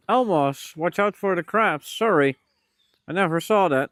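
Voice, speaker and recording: A man's voice: high-pitched, measured pace, a bit bright, no room sound, clean studio sound. A man live-streaming, muttering to himself as he fishes and chatting casually with his viewers. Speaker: livestreamer.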